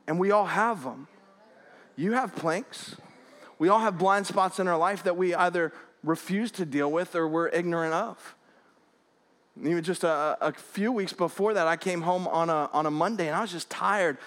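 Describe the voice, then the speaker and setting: A man's voice: sits high, moderate pace, a bit bright, long reverb tail. A male pastor preaching a sermon in a conversational, joking storytelling way, often restarting his sentences.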